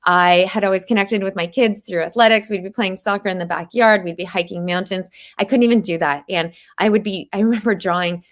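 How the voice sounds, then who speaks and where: A woman's voice: medium pitch, steady tone, brisk, hardly any pauses. A woman in her forties hosting a podcast interview, speaking earnestly and with emphasis. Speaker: podcast host.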